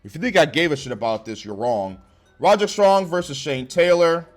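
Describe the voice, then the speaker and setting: Male reviewer, higher-pitched voice, sarcastic and profane, faint music underneath. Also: animated, brisk. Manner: blunt, sarcastic, swears heavily. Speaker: wrestling show reviewer.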